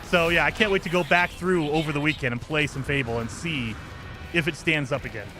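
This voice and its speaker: A man's voice: a little high, fairly quick, music in the background. A man hosting a game live stream, chatting casually and enthusiastically in a rambling way and thanking viewers for gifted memberships.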